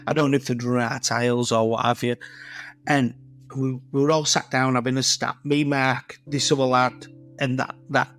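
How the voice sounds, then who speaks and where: A man's voice: medium pitch, flat delivery, normal speed, fairly bright tone, faint music behind. Yorkshire man spinning blunt, sweary stories. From Leeds, England. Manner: rambling anecdotal storytelling, blunt and sweary. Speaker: guest tiler. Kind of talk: casual podcast chat.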